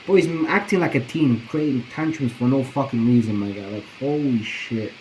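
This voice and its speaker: A man's voice: medium pitch, normal speed, darkish tone, a little hiss or hum, rough recording. A man streaming his reaction to a video, talking in a rambling, profane, slang-heavy way. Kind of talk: casual reaction commentary.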